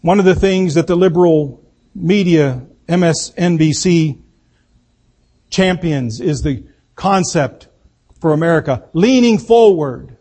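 A man giving a political speech, slow and emphatic, repeating key words for effect. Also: a little high, a little mellow. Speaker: political speaker.

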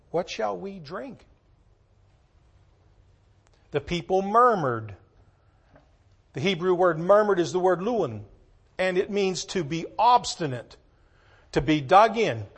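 A man delivering a sermon in a somewhat high voice, moving from quiet, almost whispered asides to loud, pressing emphasis. He reads scripture in slow, measured phrasing and repeats key words for weight. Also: breathy edge. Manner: emphatic, dramatic swings from hushed to loud. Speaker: preacher.

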